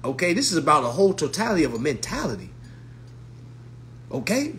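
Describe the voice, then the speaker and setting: With a sing-song voice on the high side, fairly bright and a little fast, a social media commentator mocks and swears in a monologue to his followers, over a slight hiss or hum. He talks in blunt slang and repeats his retorts.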